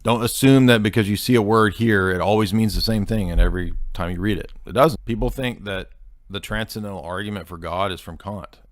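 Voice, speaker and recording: A man's voice: fairly low pitch, fairly even intonation, a little fast, no room sound, studio quality. A man hosting a commentary show, reacting to a clip in a sarcastic, mocking way. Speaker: host.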